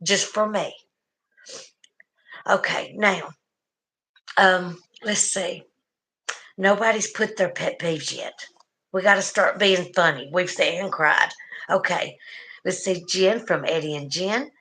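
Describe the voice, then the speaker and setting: A middle-aged woman with a Southern US accent hosting a casual livestream, chatting warmly with viewers and laughing often. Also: fairly low pitch, takes it slowly, long pauses. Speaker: livestream host.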